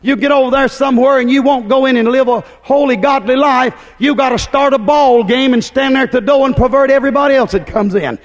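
High-voiced fiery male preacher in echoing hall. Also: a little fast, hardly any pauses. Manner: loud, shouting, folksy preaching with rising pitch. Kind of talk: fiery sermon. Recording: long hall reverb.

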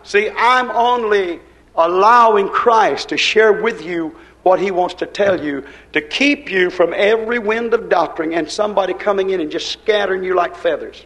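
An older preacher man delivering a fervent sermon. His voice sits fairly high, and he swings from loud, pushed lines to near-murmured asides. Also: moderate pace, low-quality recording. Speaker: pastor.

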